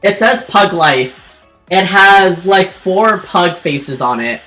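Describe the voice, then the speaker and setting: A woman's voice: lowish voice, lively intonation, slow, fairly bright tone, soft background music. A woman streamer telling a personal story in casual chat while drawing, rambling with lots of fillers and restarts. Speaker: streamer and artist.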